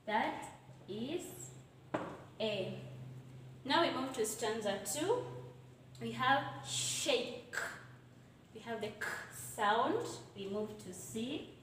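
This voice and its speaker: Standing at a board, a woman teaches an English literature lesson step by step, fixing her own mistakes as she goes. Her voice is a little high, expressive and a bit bright, with a slow pace and frequent pauses. The mic is far off in a very echoey room, picking up a little hiss or hum.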